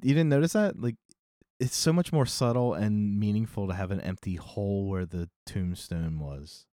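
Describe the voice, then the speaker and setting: A man co-hosting a podcast, animated and joking, laughing often as he chats. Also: lowish voice, normal speed, no room sound, studio quality. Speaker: podcast co-host. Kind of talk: casual podcast chat.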